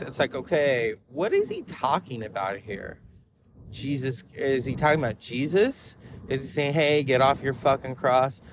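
A man hosting a podcast, telling rambling stories in an animated way with frequent laughs. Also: mid-range voice, noisy background. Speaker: podcast host. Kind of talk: casual rambling monologue.

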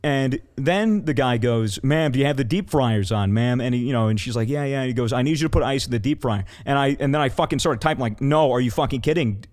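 A man's voice: medium pitch, quick pace, hardly any pauses, darkish tone. A man in casual podcast talk, telling a story with plenty of swearing and acting out the people he quotes. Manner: profane, acts out quoted voices.

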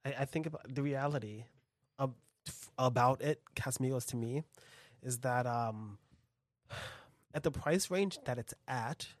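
A co-host in a casual tasting chat, enthusiastic and quick to laugh. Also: medium pitch, dry recording, studio quality. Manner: animated, giggly, enthusiastic. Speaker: co-host reviewing tequila.

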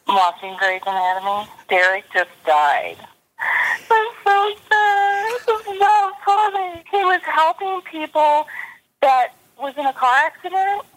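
A woman's voice: a little high, fairly bright tone, rough recording. A woman leaving a recorded message to the show, speaking in a mock-upset, sarcastic way.

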